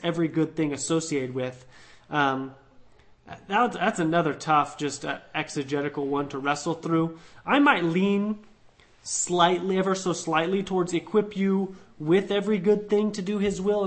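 A man co-hosting a conversational Bible study discussion, thinking aloud with frequent ums and restarts as he works through a passage. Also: fairly high pitch.

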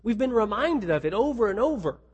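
High-voiced husky male preacher in a hall. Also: very animated, a little fast, darkish tone, highs cut off. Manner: emphatic, with frequent restarts and repeated words. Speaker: pastor. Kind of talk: sermon.

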